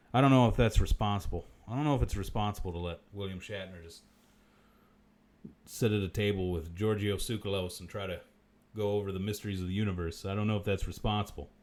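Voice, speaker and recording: A man hosting a comic livestream, rambling through odd facts with constant swearing and deadpan asides. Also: fairly low pitch. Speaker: host.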